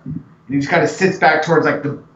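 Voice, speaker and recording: A man narrates a tabletop role-playing session as game master, stringing scenes together with plenty of fillers. His voice is bright and fairly high. It comes through a dull, lo-fi mic in an echoey room with faint hiss. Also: fast talker. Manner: relaxed, filler-heavy narration with frequent "like" and "um".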